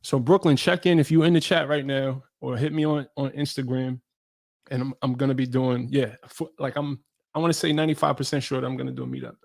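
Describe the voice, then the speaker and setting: A man's voice: mid-range voice, fairly even intonation, fast talker, gravelly. A man from New York hosting a casual live Q&A stream, talking loosely in slang and greeting viewers by name. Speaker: fitness creator hosting a live Q&A. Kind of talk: casual livestream chat.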